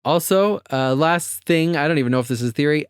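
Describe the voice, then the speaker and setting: A man's voice: on the high side, a little fast, clean tone, no echo. Man co-hosting a podcast, dry sound. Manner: laughing, animated storytelling. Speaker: podcast co-host. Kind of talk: casual chat.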